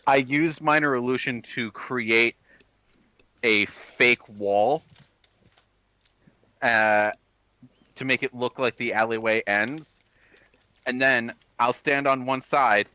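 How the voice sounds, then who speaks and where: A man playing a tabletop game, excitable and loud when rolls go badly. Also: medium pitch, takes it slowly, long pauses, dry recording, highs cut off. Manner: excitable, yells when dice go bad. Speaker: player.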